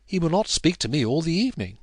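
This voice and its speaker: A man's voice: mid-range voice, wildly swooping pitch, moderate pace, a bit bright, dry recording, voice pushed up. A man voicing a composed, coolly playful young wife in a storybook reading, speaking lightly.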